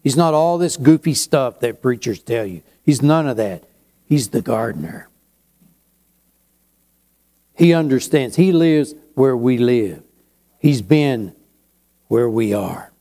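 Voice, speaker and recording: Pastor, male; slow, unhurried sermon delivery with a warm, mellow tone and chatty asides. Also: mid-range voice, lively intonation, vocal fry. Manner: slow, conversational preaching with asides.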